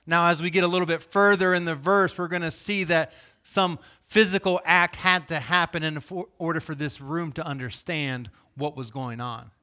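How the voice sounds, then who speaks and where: A male pastor preaching with animated, conversational energy, his pitch sitting a little high. His tone is bright and forceful and swings from loud emphasis to quiet asides. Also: normal speed, hardly any pauses. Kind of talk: sermon.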